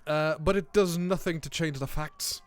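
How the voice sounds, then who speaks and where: A man's voice: high-pitched, sing-song, slow, vocal fry, voice pushed up, exaggerated voice. A man as a scornful cleric read from a game; lay it on thick, a hint of Scottish. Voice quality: overdone, slightly Scottish-tinged. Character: gruff, scornful male cleric leader. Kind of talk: reading game dialogue aloud.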